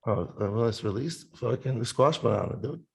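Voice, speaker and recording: A man's voice: mid-range voice, animated, moderate pace, vocal fry, darkish tone. A man, a musician guest on a podcast, talking in a loose, rambling way, swearing often and breaking into sung snippets. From Italian family background. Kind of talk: casual chat.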